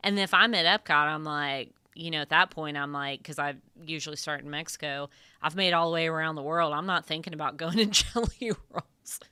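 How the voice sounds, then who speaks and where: A woman's voice: sits low, fairly quick, few pauses, sharp tone, clean tone, dry recording. A woman co-hosting a podcast, chatting casually and joking with a laugh. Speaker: podcast co-host. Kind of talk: casual chat.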